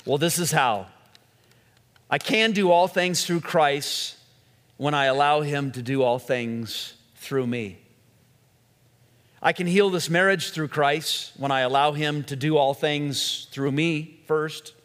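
A man's voice: a little high, slow pace, a bit bright. A man preaching a sermon, telling stories earnestly and stressing key words. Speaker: pastor. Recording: long echoing hall reverb.

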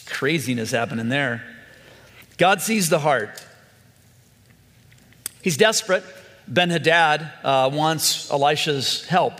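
A man's voice: medium pitch, creaky, fairly bright tone, big-room sound. A male pastor preaching an earnest, conversational sermon, full of questions put to his congregation.

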